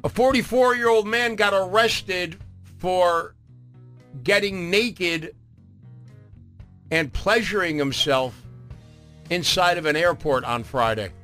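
A man hosting a morning radio show, telling a story in a relaxed way and often repeating words. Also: high-pitched, slow, long pauses, soft background music. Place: radio studio. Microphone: studio microphone.

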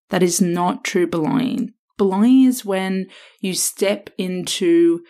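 A woman hosting a self-help podcast, talking straight to the listener in an emphatic, coaching way with drawn-out stresses. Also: lowish voice. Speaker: podcast host and counsellor.

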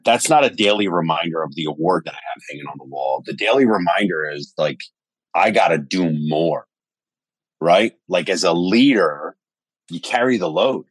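Sitting low in pitch and speaking at a moderate pace, this man is a podcast guest who tells stories with lots of animation and curses casually throughout the relaxed chat. There's no echo on the recording.

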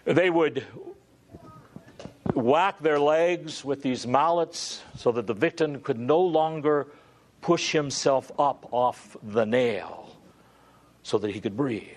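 A man preaching a sermon, swinging from hushed, low passages to loud, dramatic climaxes. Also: slow, a little hiss or hum. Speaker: pastor.

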